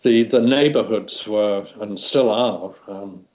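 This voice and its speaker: A man's voice: fairly low pitch, takes it slowly. An older man from Liverpool with a light Liverpool accent, talking unhurriedly as an interview guest, with many fillers and restarts. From Liverpool, England. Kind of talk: casual interview reminiscence. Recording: tinny phone line.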